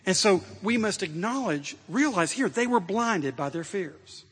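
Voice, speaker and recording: A man preaching a sermon as pastor, emphatic and rising to loud exhortation. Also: high voice, lively intonation, unhurried, slightly rough, big-room sound.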